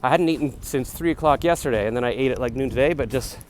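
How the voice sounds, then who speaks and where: A man in his forties talks casually into a phone camera as he jogs along a city street, rambling and self-deprecating. His voice is middle-pitched. Faint street noise sits behind him. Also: fast. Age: 40s. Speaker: vlogger. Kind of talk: casual rambling vlog while jogging. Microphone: phone camera held while jogging.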